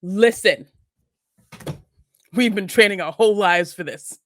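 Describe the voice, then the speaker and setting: A woman's voice: medium pitch, measured pace. A young adult woman co-hosting a casual morning show, joking around with mock seriousness. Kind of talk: casual chat.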